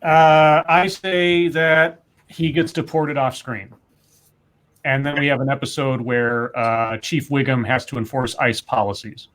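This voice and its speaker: A man's voice: mid-range voice, fairly even intonation, a little slow, fairly bright tone. A man co-hosting a podcast, reading out news stories and quotes with frequent fillers and casual commentary.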